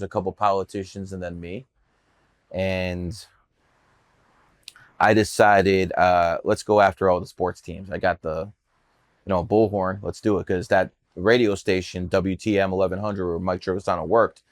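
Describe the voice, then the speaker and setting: A man's voice: deep voice, no echo, studio quality. A man telling stories about his numerology career in a brash, profane, boastful way on a podcast. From Cleveland area, USA. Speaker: numerologist guest. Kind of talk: casual podcast storytelling.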